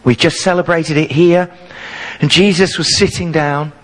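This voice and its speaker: A man's voice: on the high side, steady tone, moderate pace, fairly bright tone, low-quality recording. A man in his forties preaching a sermon, telling stories playfully and with humour. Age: 40s. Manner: humorous storytelling, playful.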